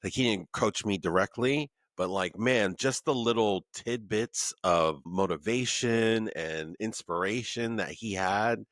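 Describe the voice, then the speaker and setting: Deep-voiced man hosting, dry sound. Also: unhurried, few pauses, fairly bright tone, dry recording. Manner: enthusiastic, says "like" and "man" often. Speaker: podcast host. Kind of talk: casual interview chat. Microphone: remote recording.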